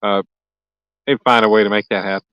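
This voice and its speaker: A man with a fairly low, steady, slightly bright voice hosts a casual night-time live stream outdoors by a lake, talking a little fast and smoothly. Easygoing and joking, he reads viewer comments aloud and answers them. The audio is poor, though there's no room sound.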